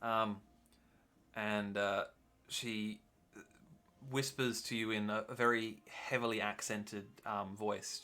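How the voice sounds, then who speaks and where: Bright-voiced man running a tabletop game. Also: on the low side, level tone, slow pace, pauses often, soft background music. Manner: hesitant, lots of ums and "sort of". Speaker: game master. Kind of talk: narrating a tabletop game over voice chat.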